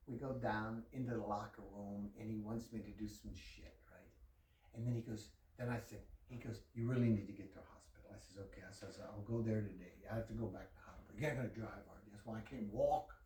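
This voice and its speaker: A man telling a profane, animated story full of quoted dialogue in a casual chat with a friend. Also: fairly low pitch, echoey room, recorded from a distance, low-quality recording. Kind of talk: casual anecdote told to a friend.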